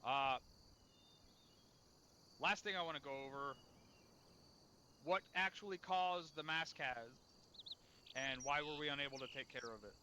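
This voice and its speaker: A man's voice: fairly high pitch, measured pace, long pauses, bright, forceful tone, a little hiss or hum. A man leading a game unit's after-action debrief, blunt and profane as he scolds. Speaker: unit leader.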